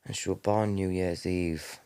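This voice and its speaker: A man in his thirties with a fairly low voice tells a long personal story. He rambles, corrects himself as he goes, and acts out what each person said. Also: fairly even intonation, unhurried, a little mellow, smooth. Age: 30s. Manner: rambling, self-correcting, acts out quoted dialogue. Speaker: guest.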